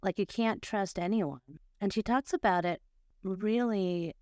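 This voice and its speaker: Female podcast co-host, smooth resonant low voice, reflective and empathetic, dry close sound. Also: a little slow, a little mellow, no echo. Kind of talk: casual chat.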